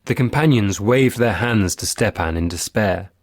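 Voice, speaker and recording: A man's voice: lowish voice, expressive, moderate pace, no room sound. Man narrating a classic tale, dry close sound. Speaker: audiobook narrator. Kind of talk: scripted narration of a classic story.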